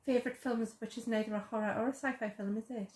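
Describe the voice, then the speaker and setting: A woman's voice: on the high side, fairly even intonation, fast, darkish tone. A young woman hosting a casual, enthusiastic chat that gushes and rambles. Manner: chatty and enthusiastic, gushing. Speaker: host. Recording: roomy echo.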